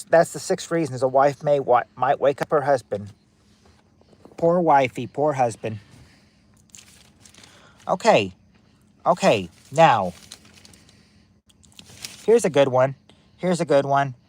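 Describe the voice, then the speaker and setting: A man with a slightly high voice and a darkish tone hosts a family quiz game on a livestream. He reads out questions, chats with viewers by name, and reacts to their names in chat. He tends to repeat himself, circling back to the same phrases.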